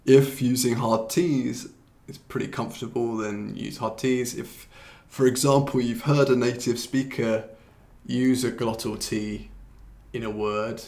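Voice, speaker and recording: A man, teaching pronunciation in a relaxed, chatty live stream, often restarting his sentences and swearing mildly at his computer. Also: mid-range voice, unhurried. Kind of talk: live-streamed lesson, answering viewer comments.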